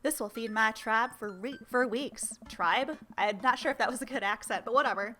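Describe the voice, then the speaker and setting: A woman's voice: medium pitch, a bit bright. A young woman casually playing and reading a game aloud, making chatty, self-deprecating asides. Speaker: let's play host.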